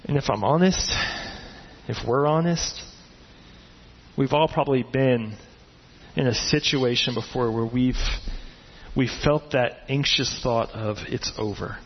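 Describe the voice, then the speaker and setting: A man preaching a sermon, telling the story with animated asides and acted-out voices. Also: mid-range voice, measured pace, long pauses, slight background noise. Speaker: pastor. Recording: dull, echoey hall recording.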